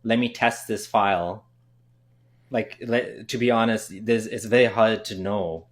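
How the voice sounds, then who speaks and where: A man's voice: on the low side, fairly even intonation, unhurried. A man co-hosting a casual live stream, making emphatic points with fillers like "like" and "right".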